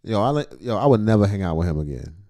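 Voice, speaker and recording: A man reacting to a video in a loose, profane running commentary, his voice leaping up and down in pitch as he exclaims and laughs. He sounds close to the mic in a dry, dead space. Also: animated, fast talker, no echo. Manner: loud, profane, laughing outbursts. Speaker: reaction streamer.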